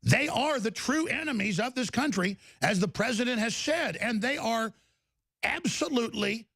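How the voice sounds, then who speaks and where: A man's voice: very high-pitched, lively intonation, moderate pace, creaky, sharp tone, no echo. A man hosting a talk show, delivering heated, emphatic political commentary and repeating words as he gets riled up.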